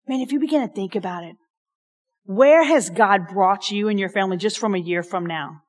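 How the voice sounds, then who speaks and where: A woman pastor, preaching a sermon, passionate and emphatic with soft asides. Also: mid-range voice, moderate pace.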